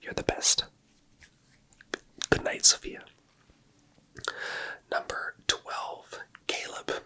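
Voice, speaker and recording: The speaker is a male ASMR creator who whispers gently and unhurriedly, with a playful, breathy quality.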